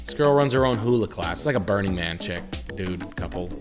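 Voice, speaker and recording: A man's voice: low voice, lively intonation, fairly quick, over loud music. A man in his thirties, a streamer, telling crude, rambling comedic stories in casual chat. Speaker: streamer and host.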